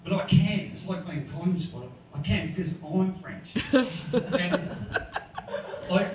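A man's voice: high voice, lively intonation, moderate pace, lo-fi sound. A man with an Australian accent doing a rambling stand-up set, laughing at his own jokes. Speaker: stand-up comedian. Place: comedy club stage. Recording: echoey room, far mic, noisy.

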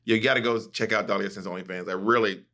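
A man's voice: lowish voice, fairly even intonation, quick pace, bright, forceful tone. A man hosting a podcast in casual chat, gossiping animatedly and swearing freely. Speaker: podcast host.

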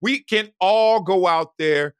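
A middle-aged man from Los Angeles, a guest telling stories in an animated way, laughing and acting out quotes with loud, high bursts. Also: takes it slowly, clear, resonant tone, dry recording. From Los Angeles, United States. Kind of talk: animated storytelling.

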